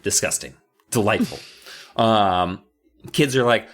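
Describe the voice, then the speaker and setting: A man co-hosting a podcast, casually recapping a book with profane jokes and quick put-on voices. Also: lowish voice. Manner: joking, profane, acts out voices. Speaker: podcast co-host.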